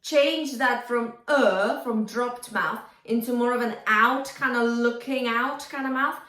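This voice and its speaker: A woman vocal coach talks singers through their technique in an encouraging way, dropping into brief sung examples. Her voice sits fairly high. The sound is roomy, with her set back from the microphone. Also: unhurried, a bit bright. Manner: encouraging, demonstrative, sings short phrases to show. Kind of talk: singing lesson feedback with sung demonstrations. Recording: roomy, from a distance.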